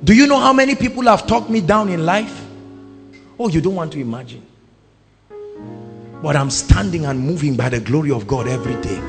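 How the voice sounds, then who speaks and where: Nigerian man, sermon preaching, high lively voice, gravelly edge, long hall reverb, faint music behind. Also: moderate pace, long pauses. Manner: impassioned, swings from shouting to low quiet asides. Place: large church hall.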